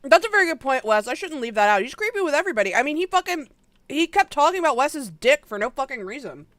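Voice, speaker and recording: Woman streamer, bright high voice, lively and blunt, dry close mic. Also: fast talker, no echo. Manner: animated, swears a lot, blunt. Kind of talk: casual reaction commentary.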